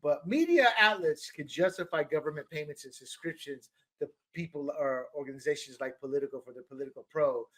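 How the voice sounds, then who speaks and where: A middle-aged man co-hosting a political talk show, animated and often repeating words as he builds a point. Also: fairly high pitch, fairly quick. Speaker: podcast co-host. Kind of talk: political commentary chat.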